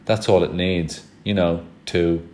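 A man reading the part of an anxious, determined schoolgirl from a storybook. She speaks earnestly and with some urgency, though the voice stays deep, in the reader's own low register. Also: steady tone, measured pace, a little mellow, slight background noise. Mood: worried.

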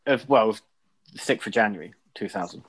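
A man's voice: lowish voice, moderate pace, husky. Swearing man running a quiz. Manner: teasing, swears freely. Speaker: quiz host among friends. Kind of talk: casual banter.

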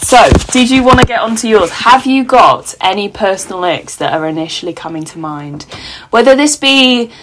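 A woman's voice: mid-range voice, moderate pace, slight background noise, low-quality recording. A woman co-hosting a podcast, chatting casually and telling stories with lots of laughter. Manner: animated, laughs often, jokey storytelling. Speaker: podcast co-host. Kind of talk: casual chat.

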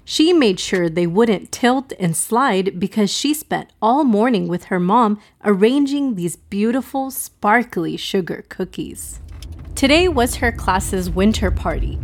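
Slow, gentle woman storyteller. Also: mid-range voice. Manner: gentle, warm-hearted storytelling for kids. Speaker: podcast host and storyteller. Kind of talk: children's story narration.

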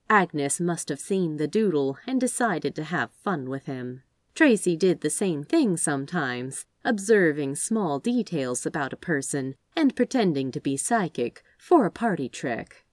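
A woman reading fan fiction aloud as an audiobook, with expressive storytelling and acted character voices. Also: low voice, no echo, studio quality. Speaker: audiobook reader.

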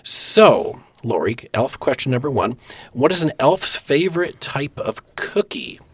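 A man's voice: mid-range voice, big pitch swings, measured pace, a bit bright, breathy edge, no echo. A man hosting a casual devotional podcast, joking with his guest and reading scripture aloud. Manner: jokey, reads scripture aloud. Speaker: podcast host.

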